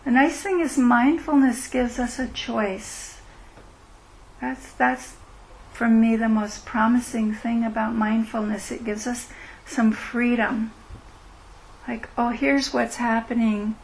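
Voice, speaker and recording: A middle-aged woman leading a meditation retreat, speaking in a gentle, unhurried, reflective way as she answers questions. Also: fairly high pitch, fairly even intonation, poor audio. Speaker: meditation teacher. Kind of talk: dharma talk with Q&A. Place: retreat meeting room.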